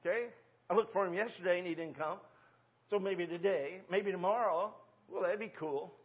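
On a lo-fi recording, a pastor in his sixties preaches in a church sanctuary, his voice high and his speed normal. He talks in a folksy, conversational way, full of rhetorical questions.

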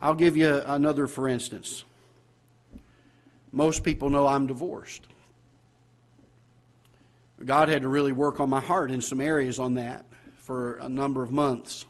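In a church auditorium, a male pastor with a Southern American accent delivers a sermon in a mid-range, level voice, measured and with long pauses. He questions the congregation and shifts from loud outbursts to quiet asides.

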